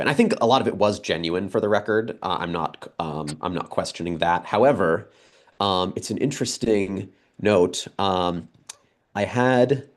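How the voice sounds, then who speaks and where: A man on a casual political talk show, speaking in a measured, hesitant way with many pauses. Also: low-pitched.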